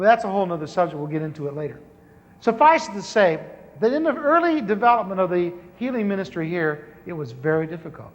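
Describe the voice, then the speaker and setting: High-voiced preacher telling a story. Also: male voice, fairly bright tone. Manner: storytelling, self-mocking, acts out his own prayers. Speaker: pastor. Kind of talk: sermon testimony with humor. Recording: lo-fi hall recording with faint hiss.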